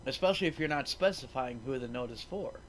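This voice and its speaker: A man's voice: mid-range voice, animated, quick pace, a little hiss or hum, poor audio. A young man doing sarcastic, profane gameplay commentary as a let's play host.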